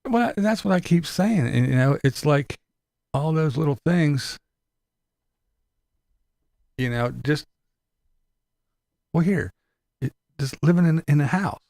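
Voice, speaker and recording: A man's voice: on the high side, animated, slow, creaky, pauses often, a little mellow, no echo, studio quality. A man talking in a rambling, sarcastic, casual way, swearing a lot as he complains. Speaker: vlogger. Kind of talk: casual profane chat.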